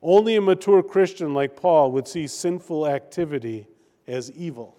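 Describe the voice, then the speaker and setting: A male pastor preaching a sermon in a church, slow and emphatic with deliberate pauses. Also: fairly high pitch, dark tone. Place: church sanctuary. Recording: long hall reverb.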